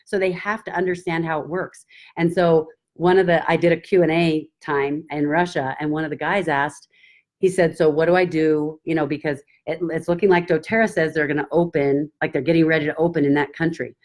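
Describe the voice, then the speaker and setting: A woman business mentor giving casual coaching advice, enthusiastic and animated, acting out excited quotes and gasps. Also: sits low, brisk.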